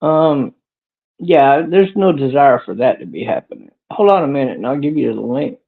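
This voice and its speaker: Gravelly, rambling livestream man. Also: mid-range voice, lively intonation, moderate pace. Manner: crude, rambling, chuckling. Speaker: livestream podcast host. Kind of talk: rambling livestream chat answering viewers. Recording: tinny phone-like audio.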